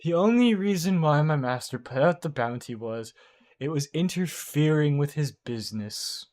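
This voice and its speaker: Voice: mid-range voice, expressive, moderate pace, darkish tone, close to an everyday voice. A large bugbear butler, stiff and tight-lipped, as a game master puts him on. He answers formally and gives nothing away, in a tabletop role-play. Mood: guarded. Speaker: game master voicing a character.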